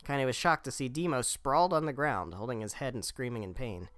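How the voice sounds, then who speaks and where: A man's voice: medium pitch, lively intonation, a little fast, a bit bright, no echo. A young adult man streaming a game, reading its text aloud with blunt, reactive asides. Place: home streaming setup.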